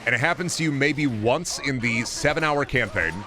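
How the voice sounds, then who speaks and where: A man's voice: medium pitch, moderate pace, noisy background. A man streaming a shooter game, talking to his chat in a profane, blunt and mocking way. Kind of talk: casual game commentary to chat.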